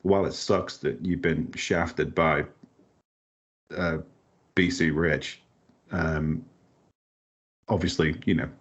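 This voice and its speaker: A man's voice: extremely low pitch, fairly even intonation, slow, pauses often, husky. A man co-hosting a podcast, chatting casually and joking as he rambles. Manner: joking, rambling, laughs often. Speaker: podcast co-host. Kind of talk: casual chat. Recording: slightly dull lo-fi sound.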